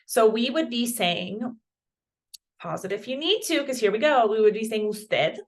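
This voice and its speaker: A woman's voice: a little high, lively intonation, normal speed. A woman from Colorado teaching a beginner Spanish lesson online, chatty and encouraging, dropping Spanish words into her explanations. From Colorado, USA.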